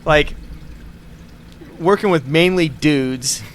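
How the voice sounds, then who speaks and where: A man's voice: a little high, slow, noisy background. A man hosting a podcast in casual chat, laughing often and swearing freely. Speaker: podcast host.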